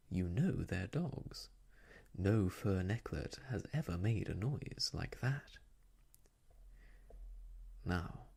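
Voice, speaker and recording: Soft asmr storyteller guy, husky low voice, lots of lilt, half whispering. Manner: gentle, slow, partly whispered.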